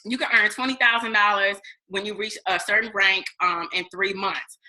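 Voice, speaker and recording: A woman in her thirties casually telling her story to viewers, lively and chatty, acting out her own past reactions. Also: mid-range voice, normal speed, rough recording. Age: 30s. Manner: animated storytelling, acts out her past self, addresses viewers as y'all. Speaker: network marketing distributor. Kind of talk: casual testimonial vlog.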